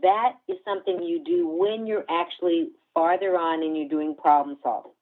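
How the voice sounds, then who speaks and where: A woman's voice: fairly low pitch, animated, normal speed. A woman working as a parenting coach, explaining step by step to an interviewer over a remote call. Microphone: remote video call. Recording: tinny phone-like call audio.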